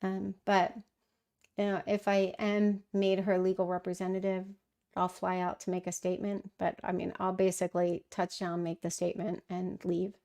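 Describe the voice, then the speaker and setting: A woman's voice: fairly low pitch, little pitch movement, moderate pace, creaky, a little mellow. A middle-aged woman hosting a casual livestream, answering viewer questions in a thoughtful way with frequent fillers and restarts. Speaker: livestream host.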